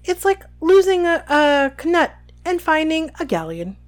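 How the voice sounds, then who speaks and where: A woman reading aloud and voicing a calm, gently amused old male headmaster. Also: sits high, measured pace, pitched above the performer's own voice.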